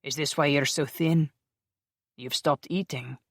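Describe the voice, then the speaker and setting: A surly male Highlander vampire soldier, put on by the audiobook narrator, with a thick Scottish brogue and a low, clipped growl. He sounds bossy and short-tempered, and the voice has a different timbre from the narration around it, recorded dry and close. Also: fairly even intonation, unhurried, a bit bright, no echo. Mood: gruff.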